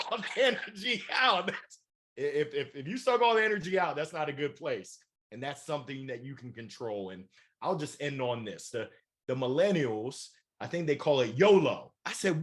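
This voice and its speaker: Man in his forties, motivational speaker, animated and playful, wide swinging pitch, fairly high voice. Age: 40s. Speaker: keynote speaker and author. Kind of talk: energetic interview answers.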